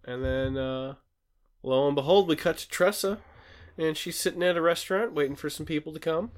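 A man's voice: a little high, fairly quick. A man co-hosting a podcast, casually recapping a TV episode with many fillers. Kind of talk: casual chat.

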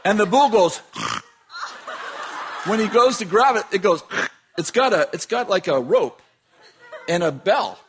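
A man's voice: sits high, animated, unhurried, long pauses, a bit bright, a little hiss or hum. A man who runs a business telling a long funny story in a casual way, laughing often as he talks.

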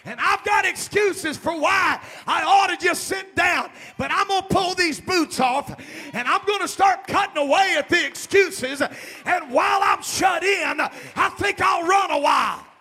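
A man pastor delivering a sermon in a folksy way that rises into shouted preaching. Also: very high voice, lively intonation, a little slow, some chatter behind.

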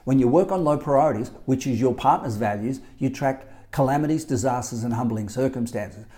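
A life coach with an Australian accent talks alone into his podcast mic. His voice sits mid-pitched and mellow rather than bright. He leans on his points emphatically, circling back to repeat them. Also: a little fast. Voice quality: emphatic, repetitive. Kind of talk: solo podcast monologue.

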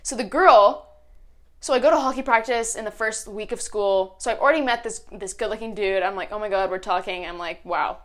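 Chatty young woman, lively storyteller. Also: fairly high pitch, fairly quick. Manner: animated storyteller, acts out old text messages. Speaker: podcast co-host. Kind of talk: casual chat.

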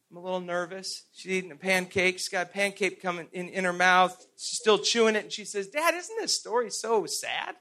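Middle-aged guy preaching, high voice, laughs and trips over his words a bit. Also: bright, forceful tone. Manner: storytelling with self-deprecating laughs and repeated "and, and". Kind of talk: sermon.

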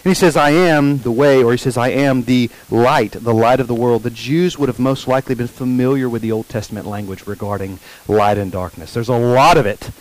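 A male pastor preaching a sermon, repeating key phrases slowly for emphasis and putting questions to the congregation. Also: mid-range voice, low-quality recording.

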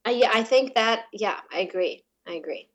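A woman's voice: a little high, animated, moderate pace, dull audio. Giggly woman co-hosting a podcast. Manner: giggly, teasing, warmly supportive. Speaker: podcast co-host, musician. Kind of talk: casual podcast banter.

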